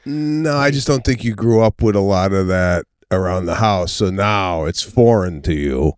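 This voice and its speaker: A man's voice: low-pitched, moderate pace, smooth, dry recording, clean studio sound. A middle-aged man co-hosting a podcast in casual chat, telling family stories and acting out the quotes. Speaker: podcast co-host.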